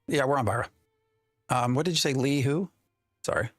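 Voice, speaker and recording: A man talks through a live game stream in an exasperated, rambling way and often turns to answer his chat. His voice sits at an ordinary pitch, recorded dry and close. Faint music plays underneath. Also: normal speed, no echo. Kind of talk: live gameplay commentary.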